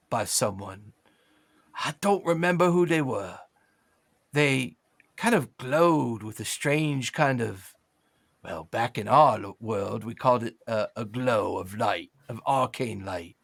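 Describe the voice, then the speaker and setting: A man's voice: mid-range voice, creaky, fairly bright tone, voice pushed down, full character voice. A man voicing a weary, friendly male half-ogre mercenary who drawls and calls people mate.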